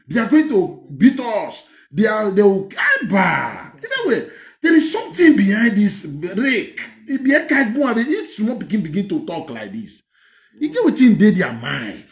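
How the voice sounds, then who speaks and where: A man with a Nigerian accent giving animated political commentary on clips. He is excited and mocking, laughs often, and mixes Pidgin with English. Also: high voice, normal speed, reverberant.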